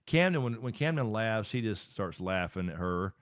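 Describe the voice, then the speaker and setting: A middle-aged man hosts a live stream from his home setup in a casual, rambling way. He thinks aloud as he works his screen. His voice sits low and sounds dry and close, with no room echo. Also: lively intonation, normal speed.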